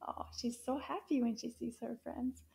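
Woman, children's teacher, gentle and encouraging, high voice with a mellow tone. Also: steady tone, gravelly, breathy edge. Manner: gentle, encouraging, slow, drawn-out sounds. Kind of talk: children's language lesson.

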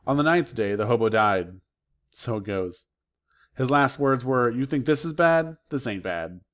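A man reads a novel aloud at a calm, measured pace, like a teacher sharing a book. His voice sits in an ordinary middle pitch. The recording sounds slightly muffled and lo-fi. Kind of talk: audiobook narration.

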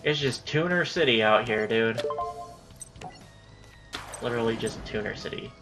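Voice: medium pitch, measured pace, music in the background. A gaming channel host giving casual let's-play commentary, talking to themself and often saying "dude". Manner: casual self-talk, says "dude" a lot.

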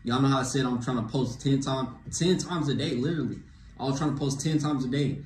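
A young man ranting to camera with dating advice, animated and slangy, tossing in "bro" after nearly every phrase. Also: medium pitch, a little fast, a little hiss or hum. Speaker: vlogger giving dating advice. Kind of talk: casual rant to camera. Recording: echoey room with faint ambience.

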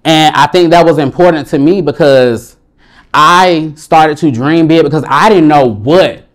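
A young Southern man speaks in a fairly high voice while giving a personal storytelling speech. His delivery is animated and playful, with sudden high excited bursts between calmer stretches. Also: a little slow. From Alabama, US. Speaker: motivational speaker.

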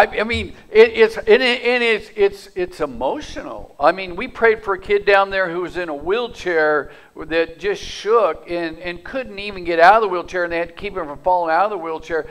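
A male pastor telling a story in a sermon, lively in the telling and sinking to a soft, hushed tone when he prays. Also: a little high. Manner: animated storytelling that drops to soft, hushed prayer.

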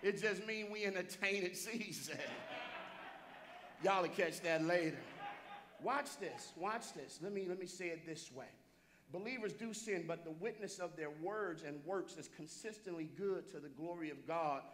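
A pastor preaching a sermon in a church, repeating phrases and calling out to listeners by name. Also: male voice, high-pitched, measured pace, fairly bright tone, slight background noise. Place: church sanctuary.

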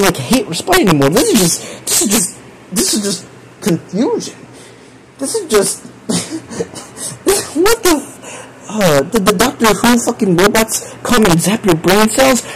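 A man's voice: sits high, background noise. A young man streaming live, reacting to chat confessions in a profane, exasperated way with frequent laughter. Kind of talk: casual live stream commentary.

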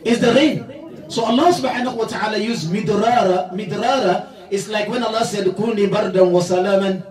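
High-voiced preacher guy, jokey and laughing, echoey mosque hall from far off. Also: brisk, crowd noise. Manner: jovial, laughs often, leads the audience in repetition. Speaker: Islamic lecturer. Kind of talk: religious lecture.

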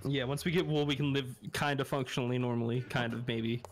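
A man's voice: medium pitch, fairly even intonation, brisk, a little hiss or hum. A man playing a game with friends, swearing freely, exasperated and laughing often. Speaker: co-player. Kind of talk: casual gaming chat.

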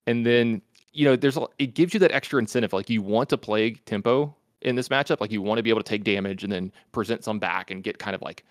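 An American man in his thirties breaks down a card game match at a rapid clip. His voice sits a bit low, with a dry, close sound and lots of filler words. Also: no echo. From United States. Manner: analytical, talks fast with many fillers. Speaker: commentator.

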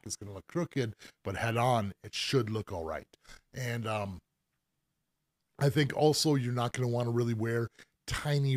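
A middle-aged man at a mid pitch, talking shop about piercings on a casual live stream. He explains things loosely and patiently, with fillers and restarts as he goes. The sound is dry and close, with almost no room. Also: darkish tone, no echo. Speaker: professional piercer hosting a live Q&A.

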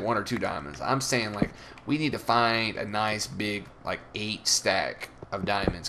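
A man's voice: medium pitch, noisy background. A young man from the Southern United States, chatting and grumbling through profane gameplay commentary as a let's play host.

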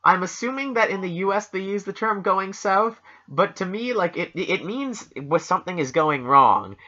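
A man's voice: high voice, lively intonation, moderate pace, bright, forceful tone, lo-fi sound. A Canadian man co-hosting a podcast, rambling and swearing through jokey casual talk. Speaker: podcast co-host.

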